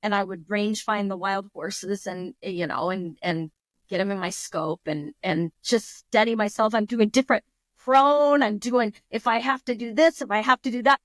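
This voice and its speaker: A woman guest on a podcast, telling a story in a lively, casual way and acting out her own thoughts in quotes. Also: medium pitch, normal speed, no room sound.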